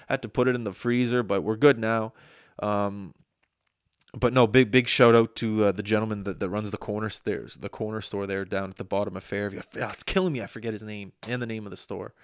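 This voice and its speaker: A young man hosts his podcast in a casual, rambling monologue. His voice sits a little low and sounds smooth, and he keeps stumbling over his words and teasing himself. The recording is dry and close. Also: dry recording. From Atlantic Canada. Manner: rambling, self-deprecating storytelling with frequent restarts. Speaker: podcast host. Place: small studio.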